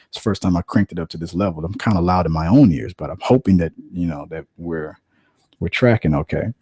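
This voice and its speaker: A man's voice: deep voice, dark tone, breathy edge, no room sound, studio quality. A man hosting a podcast, chatting casually and in a rambling way about movies. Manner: rambling, with frequent restarts and laughter. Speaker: podcast host. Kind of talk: casual solo movie chat.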